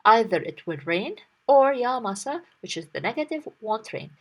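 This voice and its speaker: A woman's voice: a little high, sing-song, moderate pace. A young woman teacher patiently explaining a story word by word in a language lesson.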